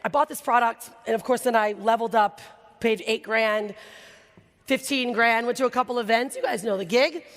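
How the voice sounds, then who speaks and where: A woman giving an animated, storytelling talk as a keynote speaker to an audience, acting out the voices of people in her story. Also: fairly high pitch, moderate pace. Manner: animated, acts out quoted voices. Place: large hall before an audience. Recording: hall reverb, live stage recording.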